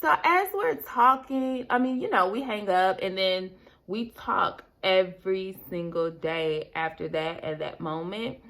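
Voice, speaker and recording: A woman's voice: medium pitch, a bit bright. A young woman vlogging, telling a rambling personal story while she does her makeup, talking straight to her viewers. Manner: chatty, rambling, addresses viewers as girl and y'all.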